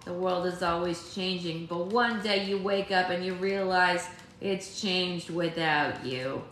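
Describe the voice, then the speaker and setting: A woman's voice: fairly low pitch, measured pace, fairly bright tone, echoey room, a little hiss or hum. A woman putting on a wry, worldly old woman. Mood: wistful.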